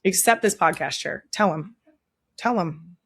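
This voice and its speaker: A woman's voice: fairly low pitch, a little slow, husky, no echo, clean studio sound. Young woman gushing over shelter animals. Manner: gushing, coos at animals in soft whispers. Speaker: podcast host. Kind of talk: casual chat. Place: indoor studio.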